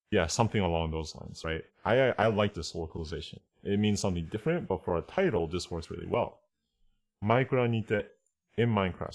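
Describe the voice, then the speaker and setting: Man, very deep voice, casual online lesson, thinking aloud, self-correcting. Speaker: translation teacher.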